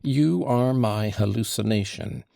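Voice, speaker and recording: A tormented young man worn down by scorn, read by a man narrating an audiobook. The voice sits low and deep, and a heavy gravel runs through his clipped, bitter retorts. It is recorded dry, with no room around it. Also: unhurried, mellow, no room sound. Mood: scornful. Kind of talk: audiobook character reading.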